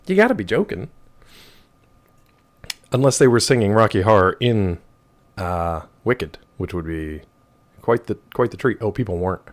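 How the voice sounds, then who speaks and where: Low-voiced man rambling on a stream. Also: animated, moderate pace, pauses often. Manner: rambling, wry, reacts to chat messages. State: rough throat. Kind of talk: casual live-stream chat with viewers.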